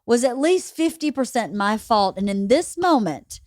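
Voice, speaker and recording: A woman's voice: a little high, expressive, normal speed, no room sound, clean studio sound. A woman hosting a podcast, telling personal stories in a candid, casual way. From Georgia. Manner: candid storytelling, swears casually. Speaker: podcast host. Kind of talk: casual conversation.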